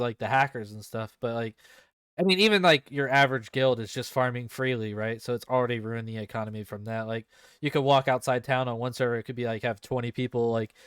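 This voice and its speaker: Male podcast host, casual gaming talk, smooth clear voice, dry close sound, rambling and loose. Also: medium pitch, a bit bright, no room sound. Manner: rambling, heavy use of fillers and swearing.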